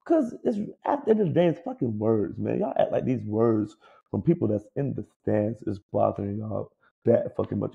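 A man's voice: on the low side, normal speed, gravelly, slightly rough, lo-fi sound. A man who played pro ball, co-hosting a sports podcast, talking casually with a lot of swearing. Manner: profane, animated, mocks players in put-on whiny voices. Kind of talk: casual sports opinion talk.

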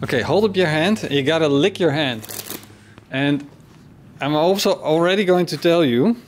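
A man's voice: on the high side, moderate pace, background noise. A playful man hosting a casual barbecue vlog, teasing and laughing. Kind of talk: casual chat. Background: music.

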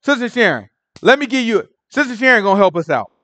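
A man leading a Bible study in an animated, conversational way, repeating phrases and asking the group questions. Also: high-pitched, quick pace, dry recording.

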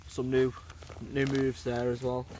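A man talks casually to his camera on a blustery coastline. His voice stays level and flat, with few rises or falls. He rambles along, padding his sentences with fillers. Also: mid-range voice, unhurried, slight background noise. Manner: chatty, rambling, with many fillers. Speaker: outdoor vlogger. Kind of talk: casual vlog chat. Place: outdoors on a windy coast.

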